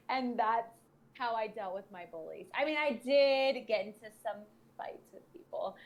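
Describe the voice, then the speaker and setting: A woman's voice: a little high, unhurried, darkish tone. A woman in her twenties hosting a podcast as a sex educator, talking bluntly and sassily with plenty of swearing. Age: 20s. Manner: blunt, heavily profane, sassy. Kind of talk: casual podcast chat.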